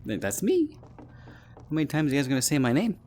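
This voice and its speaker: A man's voice: on the high side, huge pitch swings, quick pace, a little mellow. A man, an author, rambling and joking in casual commentary while he plays a VR game. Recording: game music behind.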